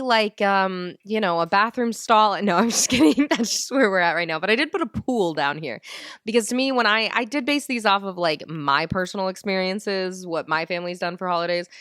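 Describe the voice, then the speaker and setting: A woman's voice: medium pitch, expressive, a little fast, fairly bright tone, dry recording, clean studio sound. A woman hosting her gaming channel, chatting casually and rambling with lots of fillers. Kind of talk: casual gameplay commentary.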